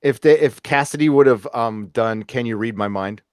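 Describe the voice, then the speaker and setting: A man's voice: mid-range voice, moderate pace, a little mellow, clean tone, dry recording, clean studio sound. A man co-hosting a casual review chat, giving blunt opinions and addressing his audience directly. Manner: opinionated, talks straight to the audience. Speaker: podcast co-host.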